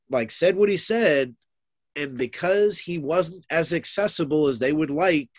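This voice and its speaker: A man's voice: fairly high pitch, no echo, studio quality. A man co-hosting a casual sports talk show, musing and thinking aloud with frequent restarts.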